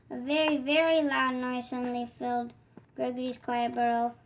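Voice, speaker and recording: A woman reading a children's picture book aloud in a gentle, expressive way. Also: high voice, moderate pace, poor audio. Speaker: storybook reader. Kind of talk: children's read-aloud narration.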